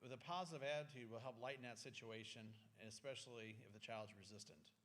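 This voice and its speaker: A man co-presenting a parenting class, relaxed and plain-spoken, with loose restarts. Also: on the low side, brisk. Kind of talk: casual class talk.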